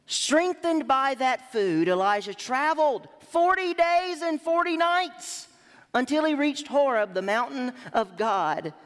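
A woman's voice: high-pitched, measured pace. A woman preacher delivering a sermon emphatically, rising and dropping her voice to drive points home. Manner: emphatic, lively rises and drops. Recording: long hall reverb.

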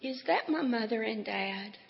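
A woman reading aloud and voicing a gentle, curious unborn baby girl who asks soft questions, in a dull, echoey hall recording. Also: fairly high pitch, lively intonation, measured pace, vocal fry, voice pushed up. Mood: wondering. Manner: soft, wondering, childlike questions.

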